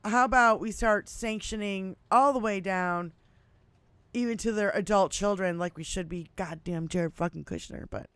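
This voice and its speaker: A woman in her fifties rants through a casual political podcast chat, cursing freely and breaking into laughs. Her voice is smooth and resonant at a middle pitch, and it sounds dry and close with no room echo. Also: moderate pace. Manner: profane, animated, laughs often. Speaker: podcast co-host.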